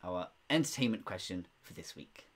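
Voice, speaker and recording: A man's voice: low voice, expressive, moderate pace, fairly bright tone. A young man hosting a live-streamed pub quiz, chatty and giggly, reading out viewers' comments. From United Kingdom. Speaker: quiz host.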